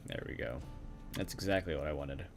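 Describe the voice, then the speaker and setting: A man playing through a story-driven video game, reading its text aloud at an even pace. Between passages he mutters casual comments to himself in his ordinary speaking voice. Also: very deep voice, fairly quick, over music. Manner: reads narration steadily, mutters casual comments. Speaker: let's play gamer.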